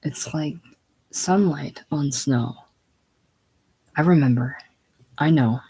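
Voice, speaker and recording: Reader doing a nervous secretive woman, slow and halting, stops mid-line a lot. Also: mid-range voice, rough recording. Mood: fretful. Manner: halting, breaks off mid-sentence. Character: anxious, secretive middle-aged woman. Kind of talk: casual play reading.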